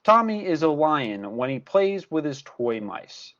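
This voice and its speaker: A man's voice: on the high side, very animated, unhurried, a bit bright, lo-fi sound. A man tutor explaining a lesson step by step, repeating key points with emphasis. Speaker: math tutor. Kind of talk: recorded class lesson.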